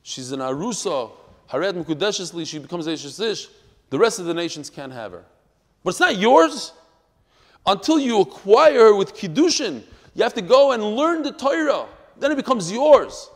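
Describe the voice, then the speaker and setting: A man teaching a daily Talmud class to a live group. He talks in an animated, emphatic way, mixes Hebrew and Yiddish terms into English, and tells stories. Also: high-pitched, moderate pace, big-room sound.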